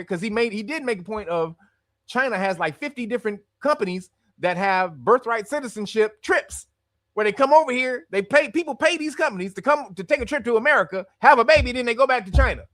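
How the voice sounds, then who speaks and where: A man hosting a livestream and giving casual commentary in an animated, profane style, laughing often. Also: high-pitched, no room sound, clean studio sound. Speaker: livestream host.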